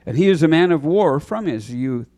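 A man's voice: fairly high pitch, expressive, moderate pace, dark tone. A man reading aloud the words of a cautious male king. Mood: doubtful. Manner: read aloud from scripture.

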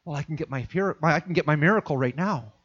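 A man's voice: on the high side, fast talker, husky, pitched below the performer's own voice. A man acting out a blind beggar by the roadside who pleads and calls out, in a dull lo-fi recording. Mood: eager. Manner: pleading, calling out loudly. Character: blind male beggar crying out by the road.

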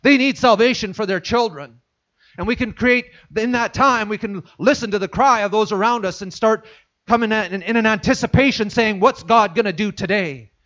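A man's voice: high voice, normal speed, a bit bright. A man preaching a sermon, retelling a story and repeating phrases for emphasis, in a dull lo-fi recording.

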